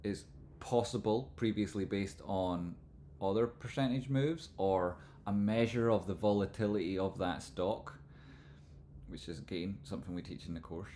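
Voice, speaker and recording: Scottish man, lowish voice, relaxed rambling explainer, faint background hiss. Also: normal speed. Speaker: livestream host, trading analyst. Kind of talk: live stream chart analysis.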